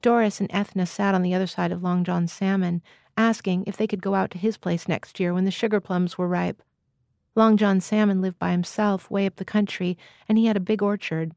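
A woman reading literary fiction aloud as a guest reader, in an even, measured way. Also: medium pitch, vocal fry, no room sound, clean studio sound.

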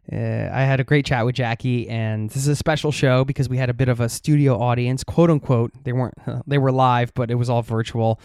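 Male podcast host, earnest and rambling, smooth clear tone, dry sound. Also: medium pitch, fairly even intonation, a little fast, darkish tone, dry recording. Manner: earnest, rambling with many fillers. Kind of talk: heartfelt podcast intro and interview.

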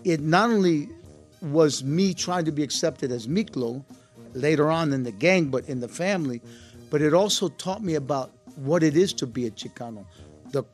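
Man guest, storyteller, slightly high voice, faint music underneath. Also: moderate pace. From United States. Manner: relaxed storytelling, mixes English and Spanish words. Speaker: actor guest. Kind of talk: casual interview talk.

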